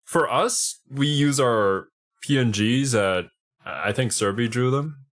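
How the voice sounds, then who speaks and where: A man co-hosts a casual reaction chat in a laid-back, wry way. His pitch moves around a lot as he jokes. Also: lively intonation, slow. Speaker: co-host.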